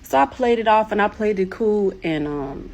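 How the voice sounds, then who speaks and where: A woman telling a personal story to camera in a casual storytime, animated and laughing, acting out quotes. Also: moderate pace, noisy background. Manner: animated, laughing, acts out quotes with big pitch jumps. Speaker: storyteller vlogger.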